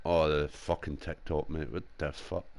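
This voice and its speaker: A man's voice: extremely low pitch, level tone, normal speed, vocal fry, darkish tone, no echo. A young man with a Glasgow accent, chatting casually over a headset while gaming, swearing freely and laughing often. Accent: Scottish (Glasgow). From Scotland. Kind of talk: casual chat.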